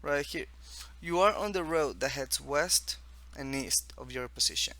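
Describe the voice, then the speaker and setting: Bright-voiced man reading his game aloud. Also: a little high. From East Coast of the United States. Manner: reads on-screen text haltingly, with restarts and asides. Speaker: student demoing his own text game. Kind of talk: casual walkthrough, reading game text aloud.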